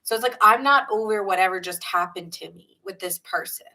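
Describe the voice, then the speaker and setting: A woman's voice: mid-range voice, a little fast, bright, forceful tone, low-quality recording. A woman from New York with a New York accent, giving a chatty, rambling live tarot reading and greeting viewers in the chat. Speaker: tarot reader.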